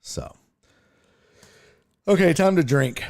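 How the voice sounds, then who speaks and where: Slow, animated sports-talk guy. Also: mid-range voice. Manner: loose, profane, joking banter with chat. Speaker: sports talk show host. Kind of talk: casual live-stream sports chat.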